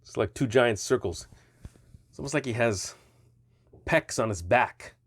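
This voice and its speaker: A man's voice: medium pitch, expressive, measured pace, husky. A man casually reviewing stretchy toy figures, chatty and rambling, often correcting himself mid-sentence.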